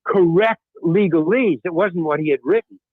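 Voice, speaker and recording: A man, an actor and guest, telling an anecdote in a lively way, acting out the other people in his story and swearing casually. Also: a little high, normal speed, no room sound. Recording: tinny phone-like line.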